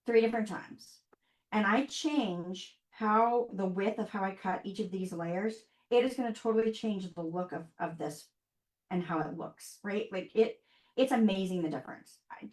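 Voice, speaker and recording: A woman's voice: medium pitch, moderate pace, darkish tone, roomy sound. A woman hosting a live online craft workshop, talking to viewers in a chatty, upbeat way as she works. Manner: chatty, upbeat, talks to viewers while working.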